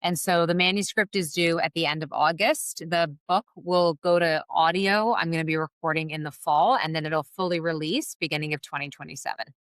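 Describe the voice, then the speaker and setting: A woman's voice: low-pitched, steady tone, a little fast, few pauses, fairly bright tone, no echo, clean studio sound. A woman guest on a podcast, talking earnestly and encouragingly in a casual conversational way, often saying "like" and "you know". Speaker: podcast guest, wellness business founder. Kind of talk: conversational interview.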